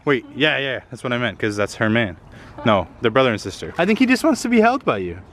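A man's voice: medium pitch, sing-song, quick pace, a bit bright. A man casually vlogging outdoors by a pool, playfully coaxing his dog and putting on joking voices for it. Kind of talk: casual vlog narration. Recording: noisy outdoor recording.

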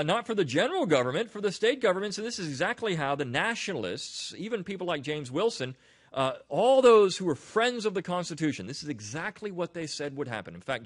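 A man from Delaware hosting a podcast, giving casual, explanatory commentary on essays and telling stories along the way. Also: on the high side. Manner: conversational, explanatory, storytelling. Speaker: podcast host.

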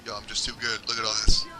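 A man chatting and swearing loudly while playing a co-op zombie shooter, often shouting in panic. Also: mid-range voice, a little hiss or hum, low-quality recording. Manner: loud, swearing, yelling in panic. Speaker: gamer. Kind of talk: casual co-op gaming chat.

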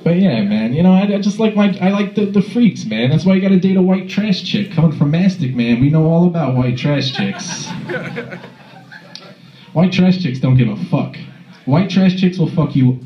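A man doing a crude, animated stand-up set in a comedy club, recorded on a phone from the audience. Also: a little high, moderate pace, reverberant, lo-fi sound. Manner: crude, animated storytelling with acted-out voices. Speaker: stand-up comic.

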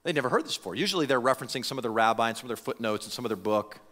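Animated pastor preaching in a reverberant hall. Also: male voice, mid-range voice, rapid-fire. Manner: animated, frequent restarts and repeated words. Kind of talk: conversational sermon. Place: church sanctuary.

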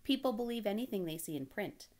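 A woman's voice: mid-range voice, animated, quick pace, darkish tone, pitched above the performer's own voice, close to an everyday voice. Charlotte the prim spider, a woman reading. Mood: brisk. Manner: crisp, precise, a little tart. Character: wise, bossy female spider leading a meeting. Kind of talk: storybook reading.

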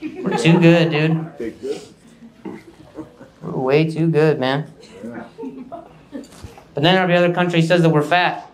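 A man doing stand-up into a handheld mic, brash and ranting, with a stutter that trips up his words. His voice is fairly high for a man and rings around a roomy club. Loud noise runs underneath. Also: steady tone, takes it slowly, long pauses. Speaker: stand-up comedian. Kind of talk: stand-up comedy set. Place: comedy club stage.

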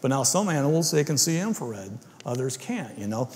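A man's voice: medium pitch, big pitch swings, fairly quick, a little mellow, in a large hall. A man preaching a casual, conversational sermon in a church, often tagging his points with "right?". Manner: informal, keeps asking "right?". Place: church sanctuary.

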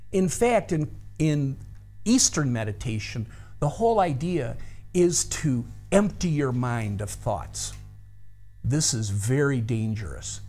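Slow, lively Bible teacher. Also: medium pitch. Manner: slow, deliberate teaching, thinking aloud through a verse. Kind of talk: recorded Bible study lesson.

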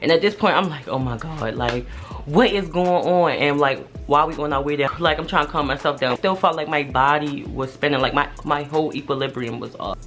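A young adult woman telling a personal story in a casual vlog, animated and slangy, swearing freely. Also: low voice, fast, few pauses, faint music behind. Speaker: vlogger.

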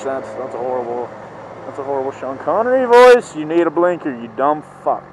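A man's voice: medium pitch, sing-song, brisk, poor audio. A young man in a helmet, riding a motorcycle through city traffic, sarcastically ranting and swearing at other drivers. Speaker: vlogger. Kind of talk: casual helmet-cam commentary while riding. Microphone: mic inside a motorcycle helmet. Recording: helmet mic with loud road noise. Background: traffic and engine noise.

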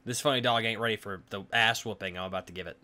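A man's voice: lowish voice, quick pace, pushed and bright, slight background noise. A young man commenting casually on his own gameplay, swearing and breaking into frustrated outbursts. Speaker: gaming streamer.

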